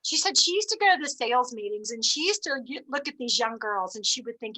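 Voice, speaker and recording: A middle-aged woman leading a team meeting on a video call, telling stories in an animated, encouraging way. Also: a little high, fast, hardly any pauses, low-quality recording. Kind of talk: motivational team meeting talk.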